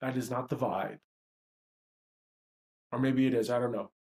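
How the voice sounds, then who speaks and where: A man's voice: mid-range voice, steady tone, a little slow, a little mellow. Brief: male livestream host, mid-range voice, blunt, profane, reflective monologue.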